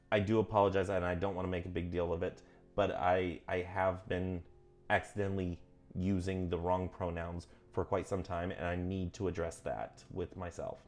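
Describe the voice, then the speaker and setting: Earnest rambling man with a low voice. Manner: earnest, self-correcting, goes off on tangents; animated, pitch jumps up when emphatic. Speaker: vlogger reading and commenting on a witchcraft book. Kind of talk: casual rambling vlog commentary.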